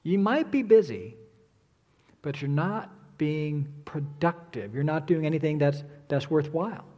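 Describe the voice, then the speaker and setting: A middle-aged man preaching a sermon, animated and acting out the voices he quotes. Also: fairly high pitch, a little slow. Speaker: pastor. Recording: long hall reverb.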